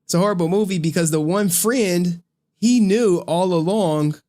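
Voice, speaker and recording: A male streamer talking casually, swearing freely and slipping into voices to act out scenes. His delivery is lively and loose, like chatting with viewers. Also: high voice, moderate pace. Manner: animated, profane slang, acts out scenes with voices. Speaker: streamer recapping a horror movie.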